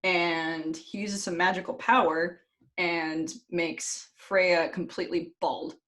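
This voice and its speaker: A woman with a somewhat low voice co-hosts a casual podcast. She tells stories in a lively, giggly way and swears freely. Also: takes it slowly. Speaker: podcast co-host. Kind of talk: casual chat.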